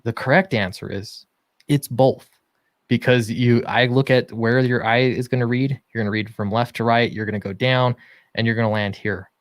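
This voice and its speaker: A man's voice: medium pitch, steady tone, normal speed, dry recording. Guy chatting on a stream about writing comics, eager, lots of uhs, dry close sound. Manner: enthusiastic explaining with many fillers. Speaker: comic book writer and co-host. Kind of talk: casual livestream chat.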